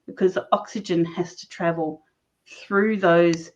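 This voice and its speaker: A woman guest recounting her own story in conversation, animated and laughing often as she talks. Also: lowish voice, a little slow. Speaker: interview guest. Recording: dull lo-fi recording.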